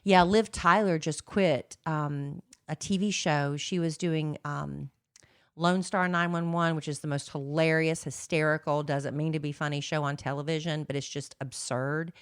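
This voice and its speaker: A woman's voice: deep voice, fairly even intonation, moderate pace, clean tone. A middle-aged woman co-hosting a podcast, rambling and gossipy in casual chat, with lots of fillers. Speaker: podcast co-host.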